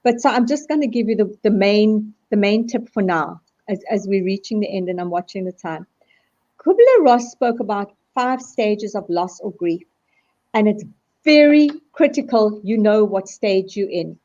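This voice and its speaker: Animated woman on a dull video call. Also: mid-range voice, normal speed. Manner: animated, acts out quoted voices. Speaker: guest speaker on resilience. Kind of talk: live video call discussion.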